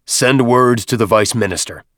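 Give me a barking, proud alien chieftain, as a male narrator puts him on, deep and dry. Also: unhurried, fairly bright tone, dry recording. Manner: growling, barking commands.

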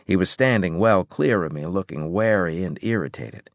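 Man, audiobook narration, first-person, lowish voice, dry close recording. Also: lively intonation, moderate pace, dry recording.

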